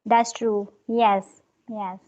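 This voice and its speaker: A woman chatting on a call, polite and curious, with quick laughs and simple phrasing. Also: medium pitch, little pitch movement, a little mellow. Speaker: conversation partner. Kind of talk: casual conversation. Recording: dull lo-fi call audio.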